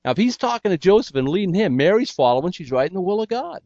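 A man's voice: high voice, sing-song, fast, darkish tone, no echo, lo-fi sound. An older man preaching a sermon in a folksy, earnest way with self-deprecating humor.

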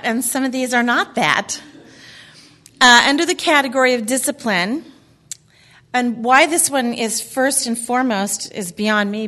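A woman's voice: on the high side, bright, forceful tone. A middle-aged woman giving a casual faith talk to a group, chatty and laughing often as she reads quotes aloud. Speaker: women's ministry speaker.

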